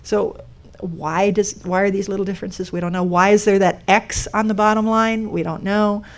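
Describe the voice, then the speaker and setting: A woman's voice: medium pitch, fairly even intonation, moderate pace. A woman giving a talk to a live audience, explaining step by step and putting questions to the room. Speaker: speaker giving a talk on a code sculpture.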